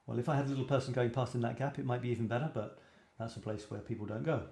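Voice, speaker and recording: British male host, mellow voice, rambling and self-deprecating, roomy echo. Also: mid-range voice, fairly even intonation, very fast, vocal fry. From Britain. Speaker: host of a photography show. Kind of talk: casual livestream chat. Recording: echoey room.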